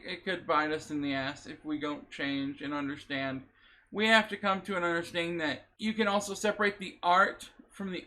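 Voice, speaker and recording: Heated high-voiced male vlogger. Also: sharp tone. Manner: emotional, emphatic, repeats himself and swears. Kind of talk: impassioned reaction commentary.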